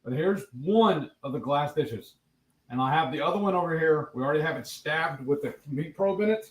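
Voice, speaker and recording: A man's voice: fairly high pitch, animated, brisk, distant mic. A man co-hosting a casual cooking livestream from his home kitchen, making brief offhand remarks while he works. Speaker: co-host and cook. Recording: echoey, off-mic in a room.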